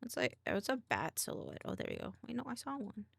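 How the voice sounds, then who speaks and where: A woman's voice: mid-range voice, wildly swooping pitch, quick pace, vocal fry, fairly bright tone, no echo. A woman streamer chatting casually while she draws, murmuring half to herself and making little sound effects.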